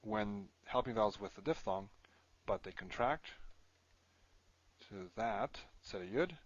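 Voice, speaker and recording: Lower-voiced man explaining a language lesson. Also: expressive, a little slow, dry recording, lo-fi sound. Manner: explanatory, self-correcting, thinking aloud with fillers. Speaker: Hebrew teacher. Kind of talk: recorded screen lesson.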